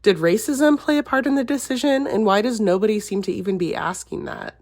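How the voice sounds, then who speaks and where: A woman's voice: medium pitch, fairly quick, darkish tone. Woman reading a listener question. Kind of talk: reading aloud.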